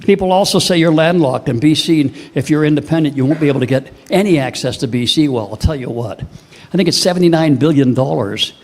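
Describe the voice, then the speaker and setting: A man's voice: a little high, fairly quick, a little mellow. An older man with a Canadian accent giving an impassioned political speech, emphatic and full of rhetorical questions. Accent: Canadian English. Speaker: speaker at a political event.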